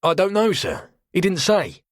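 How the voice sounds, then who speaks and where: A man's voice: high-pitched, wildly swooping pitch, normal speed, no echo, clean studio sound, pitched above the performer's own voice. A man voicing a tall, balding cockney quartermaster who is wary and deferential, clipped and full of sirs, in an audiobook. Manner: clipped, deferential, says sir a lot. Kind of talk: audiobook character voice.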